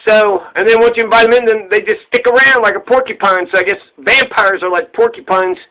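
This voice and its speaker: High, bright-voiced man retelling a fable. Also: fairly even intonation, fairly quick, low-quality recording. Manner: loose and rambling, swears freely, laughs at own jokes. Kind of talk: casual profane retelling.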